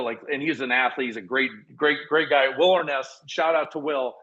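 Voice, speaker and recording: A man in his forties from South Dakota, a podcast guest telling stories in an energetic, earnest, rambling way full of restarts. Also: medium pitch, moderate pace, dull audio. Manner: earnest, motivational. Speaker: podcast guest, former college football walk-on. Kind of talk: casual conversational storytelling.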